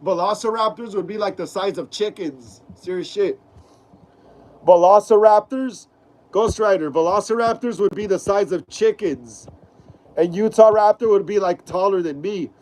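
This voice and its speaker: A man's voice: sits high, normal speed, rough recording. A young man hosting a casual live stream, reading out viewer comments in laid-back slang with lots of fillers.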